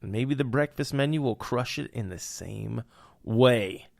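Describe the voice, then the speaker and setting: A man's voice: mid-range voice, a little slow, gravelly, a little mellow, no echo, clean studio sound. Punning young man riffing on news. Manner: jokey, punning, hyped asides. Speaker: podcast host. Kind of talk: comedic news commentary.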